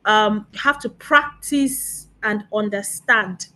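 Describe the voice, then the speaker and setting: A woman, a guest coach speaking in a measured, affirming way in casual conversation. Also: medium pitch, pushed and bright, poor audio. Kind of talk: casual chat.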